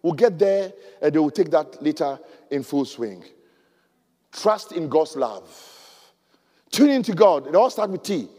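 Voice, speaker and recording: A man preaching a sermon, reading scripture and leading prayers, swinging from loud cries to near murmurs. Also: lively intonation, moderate pace, in a large hall. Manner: preaching with dramatic swings in pitch and volume. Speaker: pastor.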